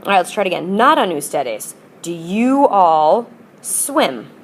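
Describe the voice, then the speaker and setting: A woman's voice: on the low side, big pitch swings, a little slow, a little hiss or hum. A woman teaching a language class, drilling with patient repetition and switching between English and Spanish. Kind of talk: classroom lesson.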